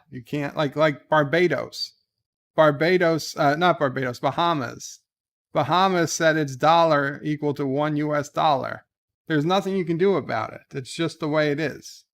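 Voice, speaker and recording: A man hosting a casual live stream at home, reading out viewer letters and answering them in a wry, deadpan way. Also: a little high, unhurried, creaky. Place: home, indoors.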